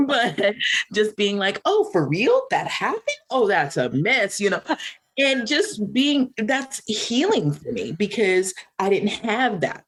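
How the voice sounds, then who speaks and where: Reflective middle-aged woman, laughing often. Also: fairly low pitch. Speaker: podcast guest. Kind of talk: candid personal interview.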